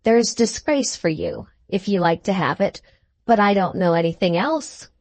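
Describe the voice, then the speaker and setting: A woman's voice: mid-range voice, expressive, no echo, lightly acted. Woman reading a sneery cold husband, lazy drawl, dry close sound. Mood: cold menace. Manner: superficial drawl, slow and cutting. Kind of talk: audiobook character reading.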